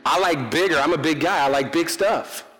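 Joking pastor preaching in a reverberant hall. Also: male voice, a little high, normal speed, a bit bright. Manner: conversational, joking, self-deprecating, asks the congregation questions. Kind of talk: sermon. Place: church sanctuary.

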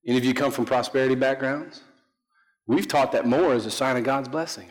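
A pastor preaches in a casual, joking style, poking fun at himself and quizzing his listeners. His medium-pitched voice rings with the long reverb of a large hall. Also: quick pace. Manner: conversational, joking, self-deprecating, asks the congregation questions. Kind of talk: sermon. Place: church sanctuary.

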